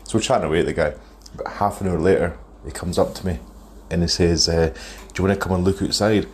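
A man's voice: deep voice, steady tone, quick pace, slight background noise. A man in his thirties, telling a long, rambling story in a phone voice note and chuckling as he goes. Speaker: caller sending a voice note. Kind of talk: casual storytelling.

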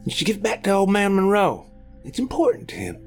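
A man's voice: high voice, wildly swooping pitch, fast, soft background music, voice pushed up, heavily acted. A man voicing a timid, frightened young boy in a horror audio story, speaking in a frantic hissed whisper.

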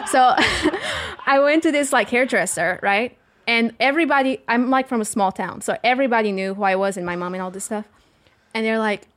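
A woman's voice: on the high side, a little fast, dry recording. A young woman from southern Portugal with a Portuguese accent, a guest comedian telling stories in casual podcast chat, acting out quotes. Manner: animated storyteller acting out quotes.

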